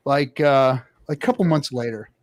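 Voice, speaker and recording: A man on a casual podcast telling a story, animated and swearing a lot, acting out others' voices loudly. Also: mid-range voice, moderate pace. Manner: animated, loud quoted voices, swears often. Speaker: podcast co-host.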